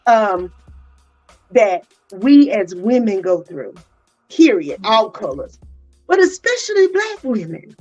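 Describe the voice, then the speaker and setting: A woman hosting a casual live-stream interview, exuberant and chatty, greeting viewers by name. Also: on the high side. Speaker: podcast host. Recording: dull lo-fi audio with faint music.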